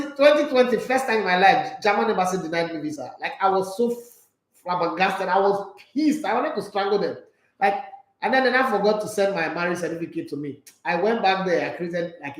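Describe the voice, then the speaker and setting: A Nigerian man hosts a sports show, reacting casually to listener comments with strong opinions, animation, and frequent asides. His voice is high-pitched, the sound is roomy, and the recording quality is low.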